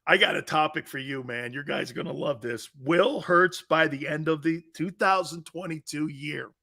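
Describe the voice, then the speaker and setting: A man hosting a sports talk stream, reading fan comments and trash-talking in loud, brash bursts. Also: a little high, normal speed, gravelly. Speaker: sports talk show host.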